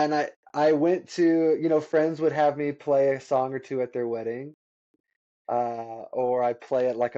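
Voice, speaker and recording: A man in his thirties shares his stories in a warm, mellow voice. He laughs easily as he goes. The sound is dull and lo-fi. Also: mid-range voice. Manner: laughs often while telling stories. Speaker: guest musician. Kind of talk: casual storytelling.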